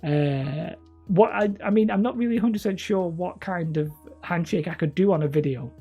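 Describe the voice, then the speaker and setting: A man's voice: high-pitched, moderate pace, vocal fry, warm tone, slightly rough, muffled recording, faint music behind. A man from northern England chatting casually with viewers as a hobby channel host, mumbly and a little whiny, rambling and self-mocking. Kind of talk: casual live-stream chat.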